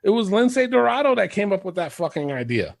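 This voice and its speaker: High gravelly man, rambling and swearing. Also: big pitch swings, fairly quick. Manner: rambling, swears freely, laughs often. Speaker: podcast co-host. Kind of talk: casual chat.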